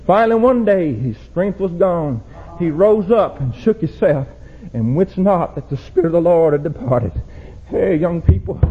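A young man preaching a sermon, swinging from low, quiet warnings to loud shouted exhortation. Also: breathy edge. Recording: dull lo-fi church recording.

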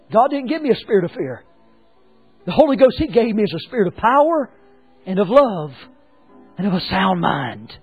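Pastor, man, very high husky voice, fiery sermon delivery that drops low then shouts, faint music under. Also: animated, fast, phone-quality sound. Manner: impassioned preaching, swings from hushed to shouted.

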